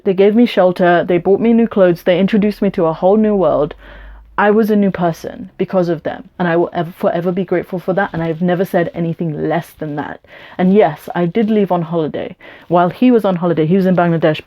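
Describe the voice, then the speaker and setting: A woman's voice: on the low side, warm tone. A young woman from England vlogging a storytime rant, blunt and combative, swearing often as she answers a hostile comment.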